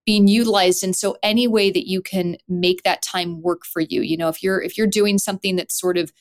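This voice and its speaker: A woman actor and writer talking as a podcast guest, animated, with her voice leaping up often. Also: brisk. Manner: animated, with wide swoops up in pitch. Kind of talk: conversational interview.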